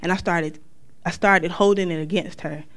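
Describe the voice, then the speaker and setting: A woman from North Carolina, sharing a personal testimony as a lively storyteller who acts out the lines of the people in her story. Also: on the low side, moderate pace.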